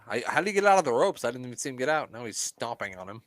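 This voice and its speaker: A man's voice: mid-range voice, big pitch swings, racing, a bit bright, dry recording. A man co-hosting a casual podcast, joking and swearing often and laughing as he comments on a wrestling match. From US Midwest. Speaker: podcast co-host.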